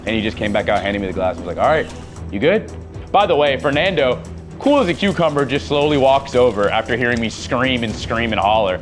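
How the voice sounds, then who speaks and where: A man's voice: medium pitch, lively intonation, brisk, soft background music. A man narrating his own adventure as a voice-over, retelling it vividly and with animation. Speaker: wildlife adventurer.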